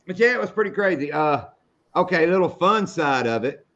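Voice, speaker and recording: A man's voice: on the high side, animated, fairly quick, fairly bright tone, muffled recording. A middle-aged man hosting a live fishing show, telling stories in a folksy, salty way. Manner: folksy, storytelling, salty language. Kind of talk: casual live-stream chat.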